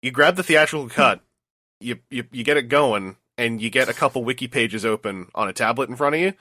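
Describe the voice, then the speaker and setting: A man co-hosting a casual podcast, giving advice in an emphatic, animated way. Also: mid-range voice, a little fast, no room sound, studio quality. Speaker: podcast co-host.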